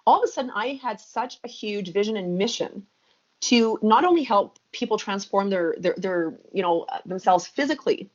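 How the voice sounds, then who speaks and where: A woman's voice: medium pitch, lively intonation, normal speed. A woman in her thirties, a podcast guest, telling her story with energy and emphasis. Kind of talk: podcast interview. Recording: muffled lo-fi audio.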